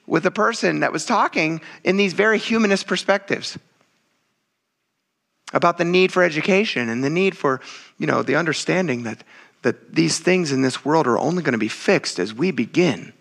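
A man preaches to his congregation in a chatty, direct way, often turning to them mid-sentence. His voice is bright and sits a little high. He builds to loud exclamations when he drives a point home. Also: gravelly. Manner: casual, conversational preaching, often says "you guys". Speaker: pastor. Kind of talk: sermon.

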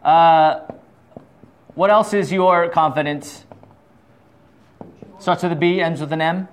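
A man's voice: on the high side, fairly even intonation, takes it slowly. A middle-aged man leading an informal Bible study, talkative, tossing out rhetorical questions, stammering and chuckling as he goes. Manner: talkative, asks rhetorical questions, frequent "right?"; stammers and restarts, chuckles often.

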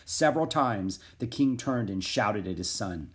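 A man narrating a children's chapter book aloud in an expressive, animated way. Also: lowish voice, unhurried. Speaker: audiobook narrator.

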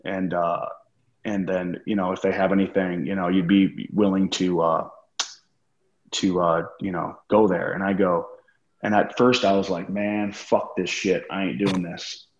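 Male podcast guest, very low voice, cursing storyteller, roomy lo-fi sound. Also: flat delivery, unhurried. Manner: profane, acts out quoted dialogue. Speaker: podcast guest, former wrestler. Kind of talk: casual storytelling interview.

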